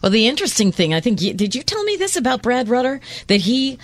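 A woman's voice: a little high, big pitch swings, fast talker, no echo. A woman co-hosting a radio chat, chiming in and reacting to the others.

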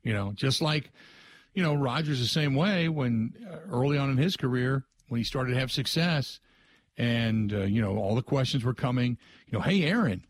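Man, sports radio host, husky voice, dry studio mic, conversational, rambling. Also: medium pitch, normal speed, no echo. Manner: loose, rambling storytelling, invites listener calls.

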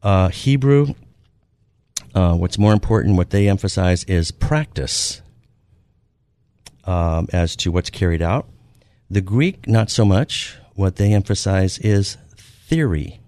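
Deep-voiced man teaching point by point. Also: lively intonation, dark tone, no echo. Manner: measured, stresses key words, frequent fillers. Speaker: radio show host and author. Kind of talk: teaching talk comparing ideas point by point.

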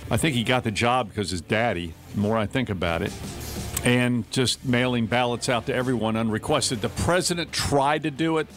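A man hosting a talk radio show, giving commentary in a conversational, measured way. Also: mid-range voice, fairly bright tone, faint music behind.

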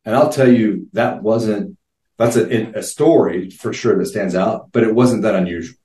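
A man in his fifties tells earnest, vivid stories in casual conversation, often restarting his sentences. His voice sits very low. He sounds set back from the microphone in a roomy, echoing space. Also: moderate pace, dark tone. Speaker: interview guest. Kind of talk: casual storytelling. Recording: roomy sound, distant from mic.

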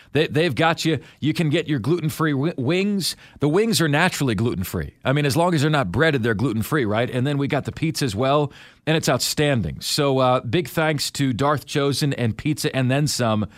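A man's voice: on the high side, dry recording, clean studio sound. A man hosting a casual sports radio show, joking and rambling through stories with a light Southern accent. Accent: light Southern, radio-neutral. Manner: chatty, joking, rambling storyteller. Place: radio studio.

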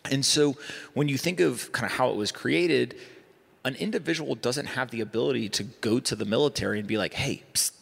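Man, gravelly, low voice, emphatic panel talk, hall reverb. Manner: fast, emphatic, animated with rhetorical asides. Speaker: guest investor. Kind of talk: panel discussion. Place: conference stage.

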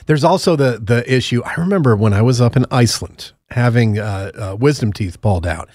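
A man's voice: medium pitch, expressive, brisk, a little mellow, no echo, studio quality. A man co-hosting a podcast, chatting casually and telling rambling, joking anecdotes. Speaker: podcast co-host. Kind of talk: casual chat.

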